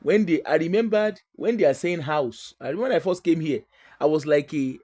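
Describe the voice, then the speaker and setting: A woman's voice: deep voice, moderate pace, dark tone. A woman from Nigeria with a Nigerian accent, talking in a chatty, emphatic and digressive way as the host of a casual monologue.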